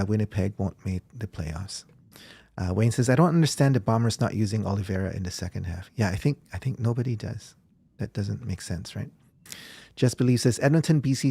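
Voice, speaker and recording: A man's voice: fairly low pitch, creaky, dark tone, husky, no echo. A man hosting a casual sports podcast, reading out viewer comments and laughing often.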